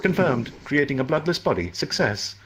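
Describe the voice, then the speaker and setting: A man reading a story aloud and voicing a mechanical announcing system that speaks in flat, clipped reports. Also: mid-range voice, moderate pace, slightly rough, voice pushed up.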